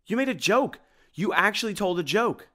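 A man voicing an excitable, wisecracking young boy in an audiobook, with jokey outbursts. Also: lowish voice, normal speed. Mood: excited. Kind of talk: audiobook character voice.

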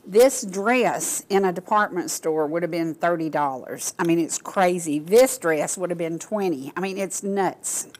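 A woman's voice: fairly low pitch, unhurried, hardly any pauses, a little mellow. An older woman from Georgia, hosting a local talk show and chatting casually to viewers in a gushing, folksy way. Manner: gushing, folksy, addresses audience as y'all.

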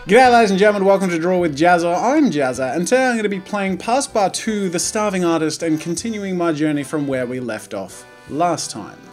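Jokey let's-play host. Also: male voice, high voice, a little fast, hardly any pauses, soft background music. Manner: jokey, animated, self-mocking. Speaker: YouTube host. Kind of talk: let's play gaming commentary.

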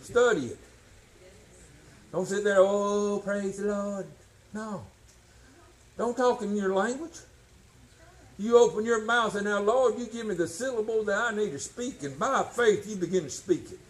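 High-voiced older preacher, emphatic. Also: male voice, moderate pace, long pauses, poor audio. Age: 60s. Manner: folksy, emphatic, swings from shouting to low tones. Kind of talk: sermon.

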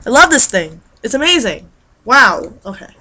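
A woman's voice: on the high side, sing-song, moderate pace, sharp tone. A young woman vlogger chatting casually about makeup favorites, rambling with lots of fillers. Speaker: beauty vlogger. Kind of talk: casual chat.

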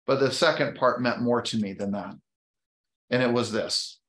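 A man's voice: medium pitch, moderate pace, a bit bright. Guy in his 50s giving a motivational team training talk, storytelling then emphatic pep, echoey room. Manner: storytelling, builds to an emphatic, upbeat push. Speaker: real estate team leader and trainer. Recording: roomy echo.

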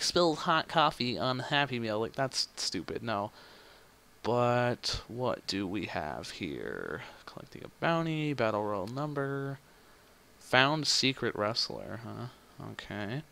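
A man talks through his game in a loose, rambling way, swearing and thinking out loud as he goes. His voice has a gravelly fry and a bright, forceful edge. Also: mid-range voice. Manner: rambling, profane, thinking aloud. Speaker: let's play host. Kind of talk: casual gaming commentary.

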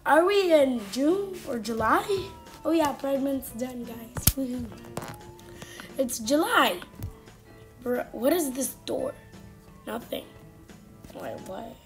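A woman giving casual, excitable commentary while she plays a game, full of chatty exclamations. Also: high-pitched, takes it slowly, long pauses, soft background music. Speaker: gaming streamer.

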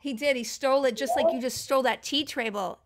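A woman chatting casually with friends while she plays a life-sim game on stream, with quick, excitable exclamations. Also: high-pitched, a loud crowd. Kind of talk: casual gaming chat.

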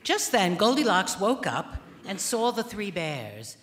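Deadpan woman speaking in a big hall. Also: mid-range voice, a little slow, slight background noise. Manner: dry, deadpan, ironic delivery. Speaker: author giving a festival opening speech. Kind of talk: read speech with a retold fairy tale. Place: large theatre hall. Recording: long reverb of a large hall.

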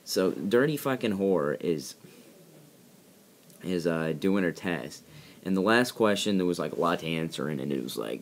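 A man's voice: sits low, animated, moderate pace. A teenage boy ranting with lots of swearing and rambling fillers while he commentates over gameplay. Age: teens. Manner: profane, irritated ranting. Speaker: gaming channel host. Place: bedroom.

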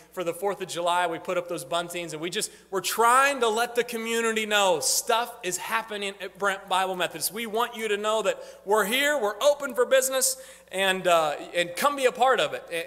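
The hall's long reverb carries a man's high, sharply bright voice as he, the congregation's pastor from the northern United States, offers casual updates on the ministry. He rambles and keeps restarting sentences throughout this informal church talk in the sanctuary.

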